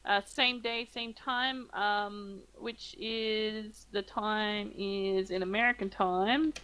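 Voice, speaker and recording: A woman game master, softly hesitant with many pauses, narrating and wrapping up a stream session. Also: mid-range voice, steady tone, clean tone, poor audio. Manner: soft-spoken, hesitant, many ums. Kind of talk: casual tabletop narration and stream chat.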